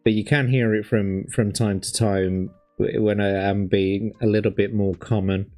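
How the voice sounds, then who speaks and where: Rambling low-voiced Birmingham man. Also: little pitch movement, normal speed, darkish tone, soft background music. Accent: light Birmingham. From Birmingham, England. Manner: rambling, sweary, full of fillers. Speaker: streamer reviewing old adverts. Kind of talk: casual commentary.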